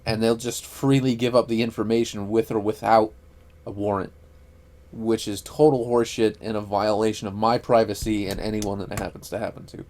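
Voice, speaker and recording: A man's voice: lowish voice, level tone, a little fast, darkish tone. Man, podcast co-host, casual chat, rambling, profane. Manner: rambling, profane, many fillers.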